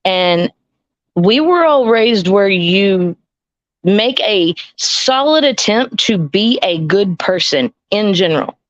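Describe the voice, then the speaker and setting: A woman's voice: medium pitch, animated, slow pace, dry recording. A woman from Texas with a Southern accent speaks bluntly and swears freely. The sound is dry and dull, like lo-fi call audio. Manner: blunt, profane and heated. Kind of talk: live stream call-in rant.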